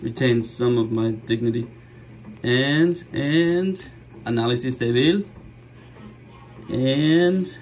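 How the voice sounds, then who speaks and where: A middle-aged man hosting a card-opening video, chatting casually and joking, with sudden gasps and bursts of excitement. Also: mid-range voice, slow pace, pauses often, low-quality recording. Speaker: card-opening channel host. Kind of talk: casual pack-opening commentary.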